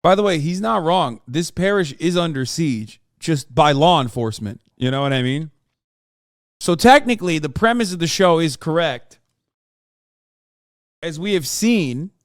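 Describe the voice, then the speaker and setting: Crisp, dry-sounding man mocking on stream. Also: on the high side, expressive, moderate pace, no echo. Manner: profane, incredulous, mocking. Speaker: streamer reacting to a TV show. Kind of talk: casual live-stream commentary.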